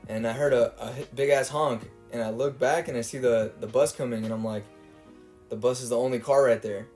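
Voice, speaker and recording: A man's voice: mid-range voice, steady tone, a little fast, darkish tone, faint music behind. A young man, a podcast co-host, telling stories in casual chat with a rambling, profane way of talking. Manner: rambling storyteller, swears freely.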